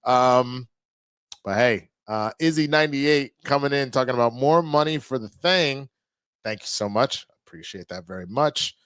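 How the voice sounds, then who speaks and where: A man streaming live, chatting casually with his viewers, reading their messages and reacting loudly to clips. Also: medium pitch, moderate pace, smooth, no echo. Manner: animated, reacts loudly to clips and reads chat.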